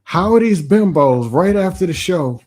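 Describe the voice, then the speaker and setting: A man talks bluntly on a relationship podcast. His pitch swings widely as he argues. He keeps it loose and casual. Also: moderate pace. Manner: blunt, animated, acts out quoted voices. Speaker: podcast co-host. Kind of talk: casual chat.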